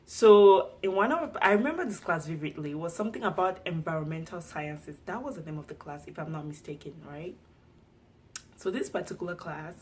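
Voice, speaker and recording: Animated young Cameroonian woman telling a story. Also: low-pitched, a little hiss or hum. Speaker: vlogger. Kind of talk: storytime vlog.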